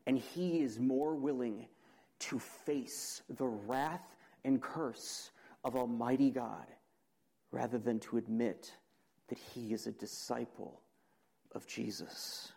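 A young man preaching a sermon, dramatic, asking the audience questions and swinging between loud emphasis and quiet. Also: mid-range voice, fairly even intonation, takes it slowly, gravelly, breathy edge, rough recording.

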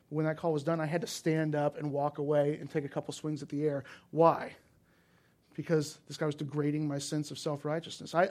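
A male preacher gives a sermon in a conversational, storytelling manner, with a slightly higher-than-usual pitch. He builds to emphatic, intense points. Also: darkish tone. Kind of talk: sermon with personal stories.

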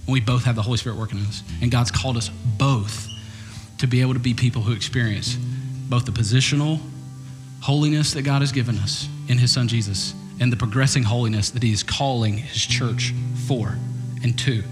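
In a church sanctuary, a pastor with a medium-pitched voice preaches fairly quickly. His sermon is conversational and humorous, and he slips into acted voices. The recording carries church hall reverb, with guitar playing behind him.

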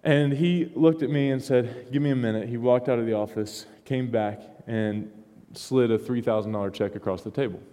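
A middle-aged man preaching, spinning a personal story with loose restarts and soft chuckles. His voice is mellow and dark, and it carries a long reverb from a large church sanctuary. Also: mid-range voice, fairly even intonation, moderate pace. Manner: rambling with many restarts and chuckles. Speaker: pastor. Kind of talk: sermon storytelling.

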